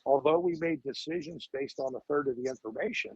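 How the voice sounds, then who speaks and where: Man, 50s, podcast guest, emphatic, rhetorical questions, husky, dry close sound. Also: medium pitch, fairly quick, dry recording, highs cut off. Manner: emphatic, repeats words, asks rhetorical questions. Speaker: fire lieutenant guest. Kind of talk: podcast interview.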